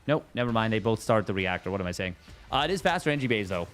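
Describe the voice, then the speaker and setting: A man casting a strategy game tournament on his own, jokey and excitable, riffing between plays. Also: lowish voice, racing, soft background music. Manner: jokey, excitable, riffs and sing-songs. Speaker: esports caster. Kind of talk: solo game commentary.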